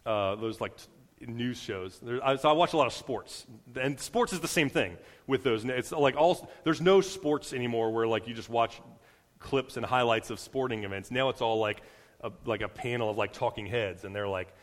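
Casual young preacher in a reverberant hall. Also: male voice, mid-range voice, normal speed. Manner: conversational, many fillers and restarts, acts out quotes. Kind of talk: casual sermon. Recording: long reverb of a large hall.

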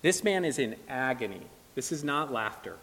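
A man preaching an earnest, emphatic sermon with dramatic pauses in a church. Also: mid-range voice, sing-song, a bit bright. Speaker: pastor. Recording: long reverb of a large hall.

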